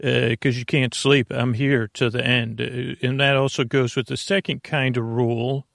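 A man hosting a sleep podcast, talking in a creaky, lulling, meandering way full of tangents and restarts. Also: mid-range voice, level tone, moderate pace, no room sound, clean studio sound. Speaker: podcast host. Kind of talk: rambling bedtime talk.

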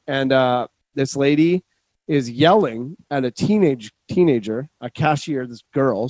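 A man hosting a podcast, telling a story in a casual chat with lots of swearing and quick restarts. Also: mid-range voice, a little mellow, no room sound. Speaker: podcast host. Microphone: remote call setup.

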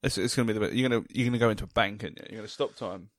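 A man's voice: on the low side, racing, no echo, studio quality. A man co-hosting a casual podcast, teasing his friend and laughing often. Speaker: podcast co-host. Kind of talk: casual chat.

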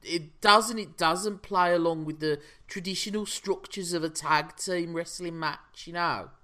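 A man's voice: fairly high pitch, measured pace, sharp tone. A man, co-hosting a podcast in a chatty, jokey way. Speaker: podcast co-host. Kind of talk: casual chat.

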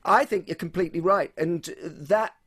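A man's voice: sits high, moderate pace, a bit bright, husky. A man hosting an interview, reflecting and asking questions in a conversational way. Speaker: podcast host.

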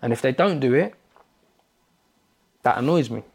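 A man's voice: mid-range voice, animated, normal speed, darkish tone, slightly rough. A middle-aged man with a London accent, a podcast guest telling stories bluntly and swearing often. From England. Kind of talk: casual chat.

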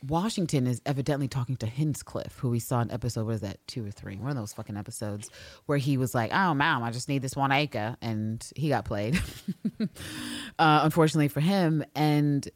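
A woman co-hosting a casual recap podcast, talking in a loud, profane, animated way and slipping into character voices. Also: very deep voice, fairly quick, no room sound. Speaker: podcast co-host.

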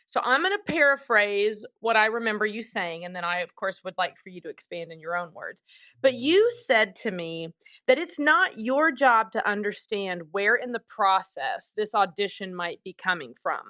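Bright-voiced woman host. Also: medium pitch, animated, moderate pace. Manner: paraphrasing and prompting the guest. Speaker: podcast co-host. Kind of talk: casual panel discussion.

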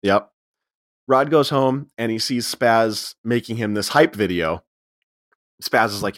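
A man's voice: lowish voice, fairly bright tone, no echo, studio quality. A man co-hosting a podcast, casually retelling movie scenes and laughing as he goes. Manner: retells scenes with quick quoted voices, laughs often. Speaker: podcast co-host. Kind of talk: casual movie recap chat.

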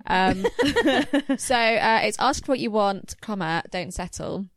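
A woman's voice: medium pitch, animated, slow pace, no echo. A woman in her late twenties or older, a podcast co-host chatting frankly, swearing freely and laughing often. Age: late 20s or older. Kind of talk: casual chat.

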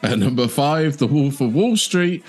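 Lively man reading a chart list. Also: medium pitch, noisy background. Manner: lively, quick to laugh. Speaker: podcast co-host.

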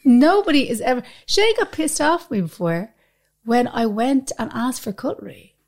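Speaking at a normal speed in a slightly high voice, this Irish podcast co-host keeps things casual. She's an animated storyteller who laughs often as she chats.

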